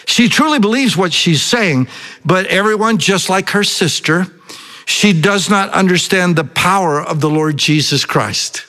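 A male pastor delivers an earnest sermon, often asking his listeners rhetorical questions. His voice sits a little high for a man. The sound carries a long reverb, as in a large hall. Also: measured pace, pushed and bright.

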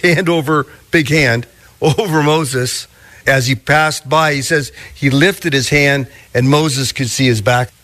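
Slow, deliberate male preacher. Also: on the high side, bright, forceful tone. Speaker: pastor. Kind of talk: sermon.

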